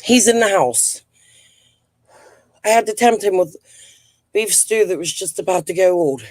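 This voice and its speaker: A woman rambles on a home live stream, blunt and freely cursing as she talks. Her voice sits at an ordinary middle pitch. The sound is close and dry, with no room echo. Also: lively intonation, measured pace, a little mellow. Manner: rambling, blunt and profane, self-deprecating. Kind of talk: casual rambling chat.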